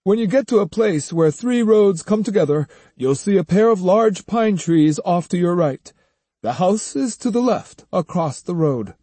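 A man voicing a calm, wry grown man in an audiobook, firm but kind, with a dry, amused manner. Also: sits high, moderate pace, slightly rough, dry recording, voice pushed up. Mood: steady. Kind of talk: audiobook character voice.

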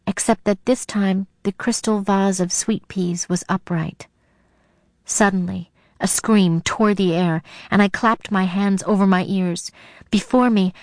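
A woman's voice: medium pitch, darkish tone, dry recording, studio quality. A woman narrating a tense first-person story with dramatic delivery. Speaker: audiobook narrator.

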